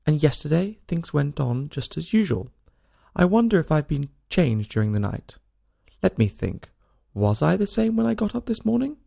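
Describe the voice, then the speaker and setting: A man's voice: fairly high pitch, vocal fry, dark tone, full character voice. A man reading a storybook aloud and voicing a small curious girl who talks to herself in a rambling, worried way.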